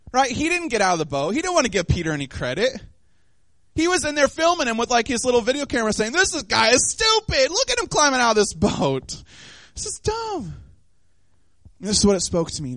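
A young man delivers a sermon in a high, bright voice that leaps up and down with energy. He tells the story with animated flair, slipping into character voices. The recording is dry and close, with no room sound. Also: no echo. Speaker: preacher.

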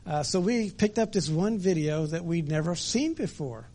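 Middle-aged preacher man, informal storyteller, slightly high voice. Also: expressive, normal speed, dark tone. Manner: conversational storytelling with frequent fillers. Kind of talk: sermon.

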